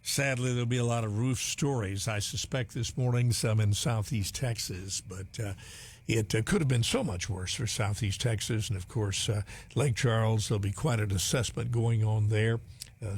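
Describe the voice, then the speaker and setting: A man with a low, slightly husky voice co-hosts live storm coverage. He gives updates in a calm, measured way. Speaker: broadcast co-host.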